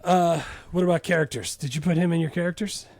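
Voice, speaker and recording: A man's voice: a little high, fast talker, a little mellow, no room sound. A middle-aged man co-hosting a podcast in casual chat, laughing often and quoting movie lines. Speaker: podcast co-host.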